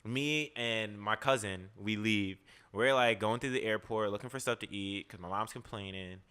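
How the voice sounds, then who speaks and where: Young guy on a podcast, bright voice, slangy and swearing, tons of "like". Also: fairly low pitch, moderate pace, smooth. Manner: animated, profane, lots of "like" and "yo". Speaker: podcast host. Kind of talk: casual storytelling chat.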